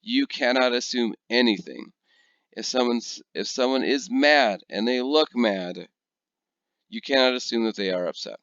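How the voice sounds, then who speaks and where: A man teaching a recorded lecture, telling stories in an animated way and often checking in with his listeners. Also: mid-range voice, dry recording. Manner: animated storyteller, checks in with "okay?". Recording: dull lo-fi dry recording.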